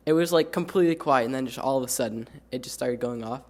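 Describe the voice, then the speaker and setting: A teenage boy on a youth radio team telling a story in an unhurried way with many fillers. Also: mid-range voice. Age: teens. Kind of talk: casual storytelling.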